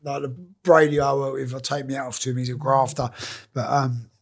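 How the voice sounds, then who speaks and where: A man's voice: medium pitch, flat delivery, fairly quick, gravelly. A man guest on a podcast, telling work stories in casual, swearing, laughing banter full of slang. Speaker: podcast guest, former scaffolder and boxer. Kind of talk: casual storytelling chat.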